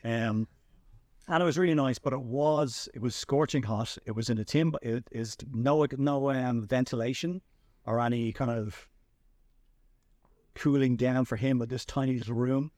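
A man hosting a podcast and telling a story in a chatty, animated way with lots of restarts. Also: medium pitch, moderate pace, no room sound, studio quality. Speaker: podcast host. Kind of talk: casual storytelling chat.

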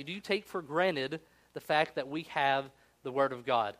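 A male pastor preaching a sermon in an earnest manner, slowing down for solemn readings. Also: mid-range voice, fairly bright tone.

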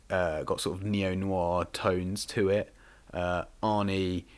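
A man with a very deep voice talks through a film in a loose, rambling way. He fills his sentences with ums and likes as he chats casually with his co-host. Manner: rambling, filler-heavy, enthusiastic. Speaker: podcast co-host.

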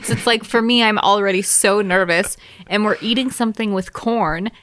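A woman's voice: medium pitch, moderate pace, a bit bright, slight background noise. A woman co-hosting a podcast, chatting casually and giggling as she tells stories. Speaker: podcast co-host. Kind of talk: casual chat.

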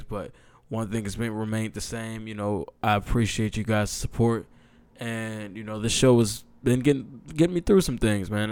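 Young guy hosting a football podcast, hyped and rambly, lots of ums, smooth voice. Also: on the low side, no room sound. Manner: excitable, loose and chatty, many fillers and restarts. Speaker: podcast host. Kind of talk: casual football podcast talk.

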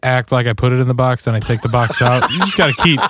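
A man's voice: mid-range voice, fast talker, noisy background. A man co-hosting a radio show, chiming in with wry jokes. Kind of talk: casual banter.

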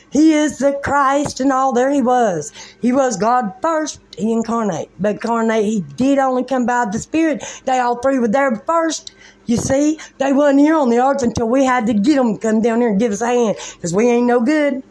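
A woman's voice: a little high, normal speed, darkish tone. A woman delivering a rambling religious monologue in a fervent, preachy way, using colloquial, folksy grammar.

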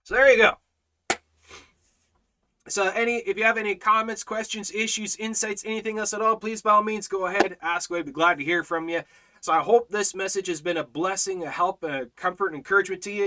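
A man leads a Bible study in a fervent, preacherly way. His voice is very bright and sits a little high. He swings from loud, emphatic calls down to quiet low lines. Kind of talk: impassioned Bible teaching.

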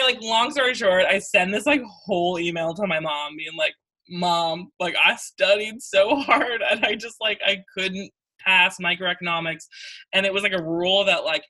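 A woman's voice: on the low side, pushed and bright. A young woman telling a long story in casual chat, rambling, saying "like" all the time and laughing often. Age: young adult.

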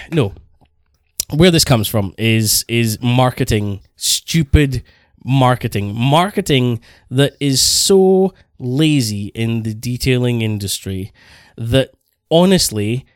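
A man co-hosting a casual podcast, telling stories in a rambling, animated way. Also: medium pitch, smooth, no echo, studio quality. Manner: rambling, animated storytelling with self-corrections. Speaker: podcast co-host.

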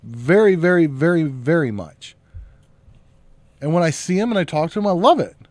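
A man's voice: fairly high pitch, sing-song, moderate pace, a little mellow, no echo. A man co-hosting a podcast in casual chat, emphatic and joking, repeating words for stress. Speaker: podcast co-host.

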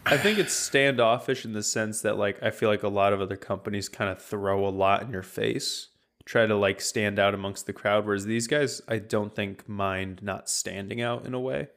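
A man presenting a topic on a casual podcast, relaxed and rambling with lots of fillers. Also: on the low side, normal speed. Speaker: podcast co-host presenting a whisky distillery.

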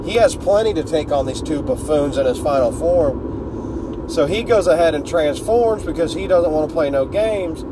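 A man's voice: on the high side, lively intonation, normal speed, background noise. A man casually retelling a fan story, joking and swearing freely as he goes. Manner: laid-back, joking, swears freely, loses his words.

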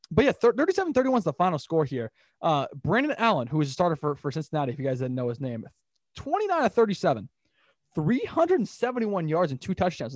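Young male sports podcast host, brisk and lively, slightly higher voice, dry close sound, off-the-cuff. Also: no echo. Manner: animated, rambling, quick recaps of scores. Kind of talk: casual sports talk.

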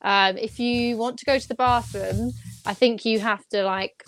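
A woman co-hosting a casual podcast chat, chatty and quick to tease. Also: a little high, fairly even intonation, a little hiss or hum. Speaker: podcast co-host.

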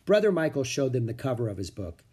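Male narrator, children's book, husky, animated delivery. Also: medium pitch, fast.

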